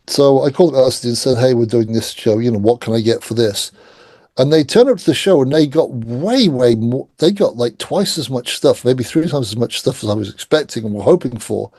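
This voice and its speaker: Middle-aged male guest, animated raconteur, dark mellow tone, dry sound. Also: medium pitch, no echo. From England. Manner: animated anecdotes, acts out quoted voices. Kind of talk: casual storytelling interview.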